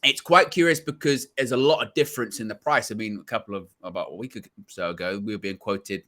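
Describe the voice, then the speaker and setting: A man co-hosting a casual chat, relaxed as he runs through news reports. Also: lowish voice, fast talker. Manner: reads out reports, relaxed and conversational. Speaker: co-host of fan channel.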